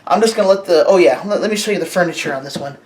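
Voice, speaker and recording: With a medium-pitched, darkish voice, a host goes over a sword on camera. The talk is casual, rambling, and halting, full of restarted sentences and questions aimed at the camera operator.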